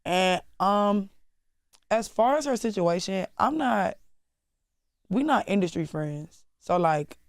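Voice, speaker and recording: A woman's voice: medium pitch, lively intonation, slow pace, pauses often, no room sound, clean studio sound. A woman rapper as interview guest, talking candidly in casual chat, swearing freely and turning dramatic at times. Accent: Southern US.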